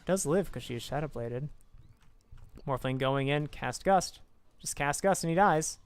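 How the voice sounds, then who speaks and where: A young man casting a video game with excitable, swearing, self-mocking commentary, talking close to his microphone. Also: a little high, unhurried, clear, resonant tone. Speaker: game caster. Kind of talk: casual esports commentary.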